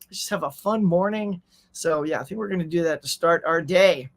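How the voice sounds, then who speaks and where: A man's voice: fairly high pitch, fairly quick. A man hosting a casual morning livestream, chatting easily and reading viewer messages aloud. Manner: chatty, reads chat messages aloud, says y'all. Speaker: host.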